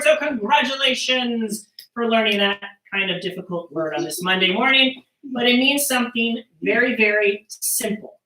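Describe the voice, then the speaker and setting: Bright-voiced playful woman teaching kids. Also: on the high side. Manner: playful, jokey, talking to kids. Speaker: children's percussion storyteller. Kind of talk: live-streamed teaching for children. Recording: roomy sound, mic at a distance.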